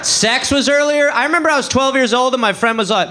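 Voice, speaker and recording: A man from England doing a stand-up routine on a comedy club stage, animated, acting out voices and laughing at his own jokes. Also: very high voice, fast, few pauses, crowd noise. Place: comedy club stage before a live audience.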